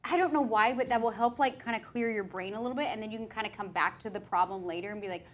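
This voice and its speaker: A woman's voice: fairly high pitch, quick pace, slight background noise. Rambling, self-mocking woman podcast host. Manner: rambling, self-deprecating storyteller. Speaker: podcast host and hair trainer. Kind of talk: casual chat.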